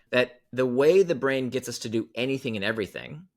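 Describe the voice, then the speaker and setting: Appearing as a podcast guest, a man explains ideas through animated storytelling, emphatically repeating key phrases for effect. His mid-range voice is animated and a little fast.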